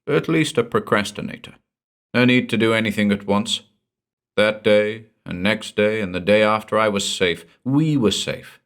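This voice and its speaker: Deep-voiced man narrating a horror story. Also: fairly bright tone. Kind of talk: scripted horror audiobook narration.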